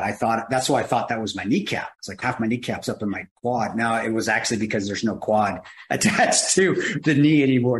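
Laughing man telling war-story jokes. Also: fairly low pitch. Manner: animated, laughs while telling stories. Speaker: guest. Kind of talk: casual storytelling. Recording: roomy echo.

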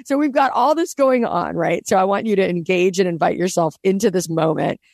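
A woman co-hosting a casual Bible-study podcast, talking animatedly and acting out scenes in lively quoted voices. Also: lowish voice, brisk, gravelly, dry recording, studio quality. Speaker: podcast co-host.

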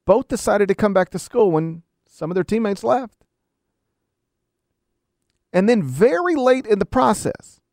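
Middle-aged guy ranting about college hoops, gravelly kinda high voice, dry sound. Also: a little mellow, no room sound. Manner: emphatic, argumentative, repeats rhetorical questions. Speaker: college basketball commentator. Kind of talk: opinion commentary monologue.

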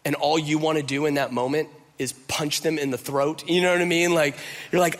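A man's voice: on the high side, fairly even intonation, normal speed, a bit bright. A man preaching a conversational sermon, speaking casually and directly to the congregation. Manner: casual and direct, addresses listeners as "y'all", uses filler "like". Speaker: pastor.

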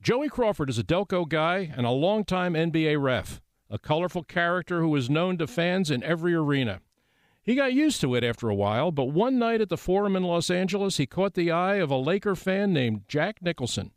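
A male radio co-host reads a scripted introduction plainly and evenly. His voice sits fairly high for a man. The studio sound is dry and close. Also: lively intonation, a little fast, no echo.

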